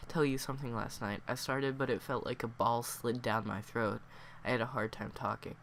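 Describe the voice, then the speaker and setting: A man's voice: medium pitch, steady tone, normal speed, a bit bright, a little hiss or hum, natural voice. A man reading as a grieving teenage boy. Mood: sad. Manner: read aloud plainly, stumbling. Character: grieving gay teenage boy telling mom.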